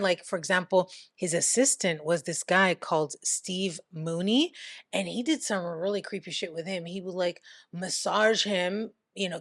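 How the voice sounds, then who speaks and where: A woman with a low voice talks through a story in a chatty vlog commentary. She swears casually and reads quotes aloud. Her voice is close and dry, with no room sound. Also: fairly bright tone, dry recording. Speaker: commentary vlogger.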